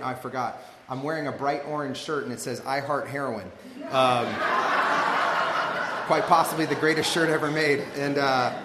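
A man's voice: mid-range voice, a bit bright, slight background noise. A man with a Southern Californian accent doing stand-up, telling a loose, rambling story and laughing at his own jokes. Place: stage before a live audience. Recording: echoey live room recording.

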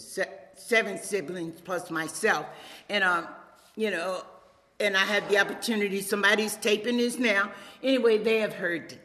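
A middle-aged woman from Louisiana with a Southern accent shares her personal testimony from a podium, teasing the crowd in a chatty way. Her voice has a bright, forward edge and carries a long echo off a big hall. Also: mid-range voice. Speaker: speaker at a recovery meeting. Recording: reverberant hall.

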